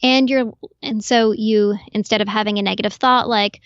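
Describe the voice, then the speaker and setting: A woman guest on a podcast, explaining calmly and clearly in an instructive way. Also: on the high side, a little fast, no echo, lo-fi sound. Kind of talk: explanatory interview talk.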